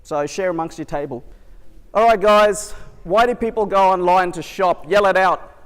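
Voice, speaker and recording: Male keynote speaker, higher-pitched voice, chatty storyteller, long hall reverb from a live venue. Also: normal speed, clean tone. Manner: chatty storytelling, quizzes the crowd. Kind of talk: live keynote talk to an audience.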